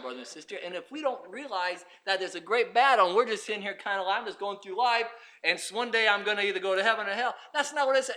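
High, bright-voiced impassioned male preacher. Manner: impassioned, swings from shouting to hushed. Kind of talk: sermon.

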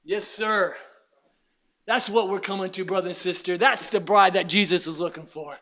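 A man preaching a sermon, calling out to the congregation, shouting his exclamations and at times dropping to a near whisper. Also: high voice, steady tone, moderate pace.

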